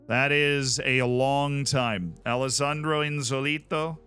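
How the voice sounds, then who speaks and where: A man's voice: mid-range voice, expressive, moderate pace, bright, forceful tone, soft background music. Wry, chatty male streamer. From Tampa, Florida. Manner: wry, chatty, talks to chat. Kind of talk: casual game commentary.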